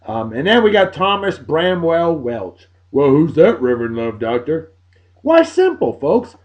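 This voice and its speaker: A man hosting a casual beer and music vlog, talking in a boisterous, crude, showman-like way. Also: fairly high pitch. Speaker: host.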